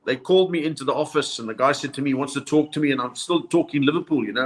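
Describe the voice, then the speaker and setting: An older South African comedian, a man in his sixties, spins anecdotes as a podcast guest. His pitch sits right in the middle for a man. He keeps his stories moving and drops into accents to land the punchlines. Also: very fast. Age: 60s. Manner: lively storyteller who slips into accents for punchlines. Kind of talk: anecdotal storytelling in a podcast interview.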